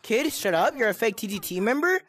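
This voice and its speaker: A woman's voice: on the high side, big pitch swings, fairly quick, fairly bright tone, breathy edge. A young woman trash-talking other players in game voice chat, repeating taunting, mock-tough insults. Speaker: gameplay streamer.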